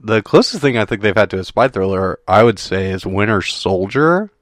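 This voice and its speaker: Casting: deep-voiced male podcast co-host, giggly, dry close mic. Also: animated, normal speed, dry recording. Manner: laughs often, chatty and amused. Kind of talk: casual chat.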